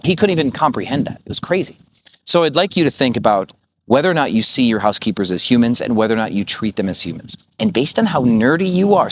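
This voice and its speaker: A man's voice: mid-range voice, expressive, a little fast, fairly bright tone. A man in his thirties coaching rental hosts in a blunt, profane, storytelling way, full of fillers like "like" and "right?". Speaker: short-term rental business coach. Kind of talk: casual vlog monologue.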